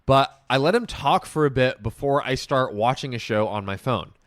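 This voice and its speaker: A man's voice: medium pitch, moderate pace, fairly bright tone, no room sound, studio quality. A young man co-hosting a casual chat, reading a story aloud and then talking it over in a laid-back way.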